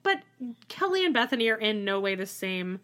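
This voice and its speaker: A woman co-hosting a podcast in casual chat, animated and laughing often, acting out quotes in exaggerated voices and swearing freely. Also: medium pitch, fairly quick. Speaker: podcast co-host.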